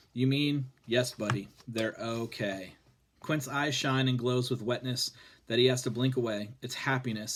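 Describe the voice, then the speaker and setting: Guy reading a kids' book out loud, steady and plain, mid-pitched voice. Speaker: reader. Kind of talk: reading a children's novel aloud.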